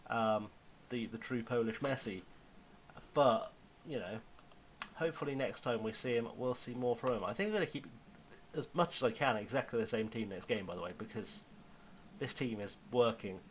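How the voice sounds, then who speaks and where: A young man giving casual, self-mocking commentary on his football management game, now and then dropping to a hushed aside. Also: mid-range voice, normal speed, slight background noise, rough recording. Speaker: gaming YouTuber.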